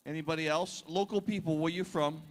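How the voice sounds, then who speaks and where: A man's voice: a little high, steady tone, fairly quick. A man with a Hawaiian accent emceeing a festival on stage, chatting and joking with the crowd. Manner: jokey, chatty, playful with the audience. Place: large ballroom stage. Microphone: stage microphone through PA. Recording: reverberant hall over PA.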